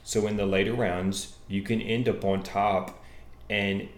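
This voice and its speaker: A man hosting a casual livestream and giving deliberate, analytical commentary. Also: lowish voice, level tone, roomy sound. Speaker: host.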